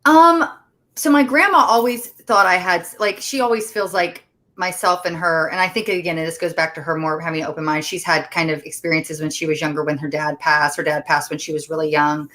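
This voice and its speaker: A woman's voice: low voice, fairly even intonation, brisk, fairly bright tone. A woman co-hosting a podcast, chatting casually and quoting people as she goes. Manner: chatty, many fillers and quoted asides. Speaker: podcast co-host. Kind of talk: casual chat.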